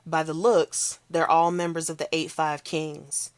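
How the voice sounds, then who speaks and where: A woman's voice: sits low, flat delivery, unhurried, no room sound. A woman reading aloud as a big, tough-talking man telling his story in a brash, swaggering first person. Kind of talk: read-aloud novel.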